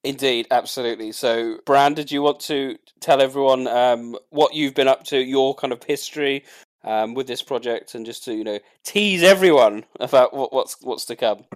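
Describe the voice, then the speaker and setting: Brief: mid-pitched male podcast host, casual and a bit halting. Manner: halting, with fillers. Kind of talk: interview questioning.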